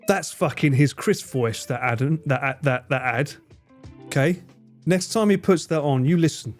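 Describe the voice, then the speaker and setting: This British man's voice sits on the high side and sounds a little mellow. Streaming live, he banters with his chat, tossing out quick jokes and swearing often, as faint guitar music plays.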